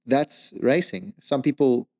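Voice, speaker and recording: A man telling a story as a podcast guest, animated and swearing, with lots of "like" and "dude.". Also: medium pitch, takes it slowly. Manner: animated, swears a lot, says "like" and "dude" often. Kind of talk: casual storytelling.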